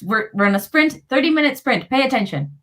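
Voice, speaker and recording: A woman's voice: high voice, expressive, fairly quick, a bit bright. A woman co-hosting a casual livestream chat, making dry, teasing remarks. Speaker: co-host.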